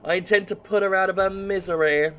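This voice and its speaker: A man's voice: high-pitched, fairly even intonation, fast, a bit bright, pitched above the performer's own voice. A man reading as a smug scheming heir. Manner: dry reading with a slight sinister air.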